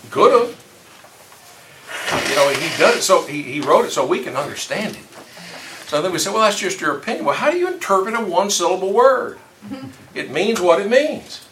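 Brief: bright-voiced man leading a church Bible class, chatty and folksy, heard from a distance in a roomy hall. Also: fairly high pitch. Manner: conversational, folksy, with rhetorical questions. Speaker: Bible study teacher. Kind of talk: informal Bible class teaching. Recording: roomy distant room mic, faint noise.

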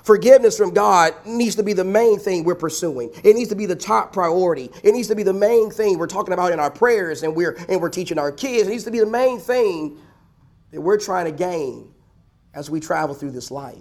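Gravelly high-voiced preaching man. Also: fairly quick, a little mellow. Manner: emphatic preaching with rhetorical questions and repetition. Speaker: pastor. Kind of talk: sermon. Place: church.

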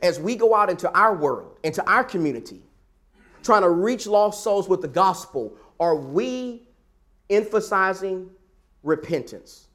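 A man's voice: high-pitched, animated, measured pace, a bit bright. A man preaching a sermon, emphatic and repetitive, building his points with rhetorical questions.

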